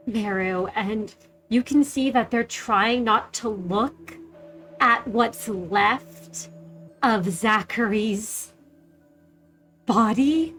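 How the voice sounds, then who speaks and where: Slow-narrating woman game master. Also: mid-range voice, fairly bright tone. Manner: descriptive, measured narration.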